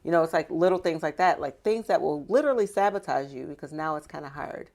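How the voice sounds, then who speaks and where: Female interview guest, low gravelly voice, candid and chatty storytelling. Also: lively intonation, fast, darkish tone. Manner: candid, conversational, with fillers.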